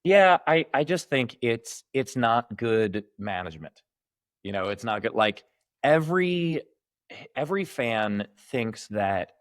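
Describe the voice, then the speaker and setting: A man's voice: mid-range voice, big pitch swings, takes it slowly, no room sound, clean studio sound. A man around forty co-hosting a podcast, talking emphatically and acting out mocking cheers. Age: late 30s to early 40s. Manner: emphatic, voices mock cheers loudly. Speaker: podcast co-host. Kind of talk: casual opinion chat.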